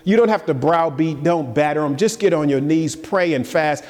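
A man preaching a sermon, firing rhetorical questions at the congregation and swinging between loud high emphasis and low quiet asides. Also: normal speed. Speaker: pastor. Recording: long reverb of a large hall.

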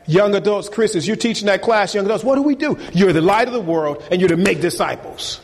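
A man's voice: high voice, expressive, fairly quick, big-room sound, a little hiss or hum. A man preaching a sermon as pastor, emphatic and repeating key phrases for force.

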